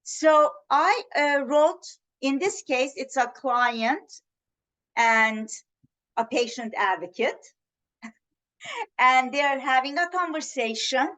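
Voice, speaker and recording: A woman gives a webinar talk over a video call, her voice a little high and her delivery unhurried. She teaches gently and earnestly, pausing to put questions to her listeners. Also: animated. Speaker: webinar presenter on communication.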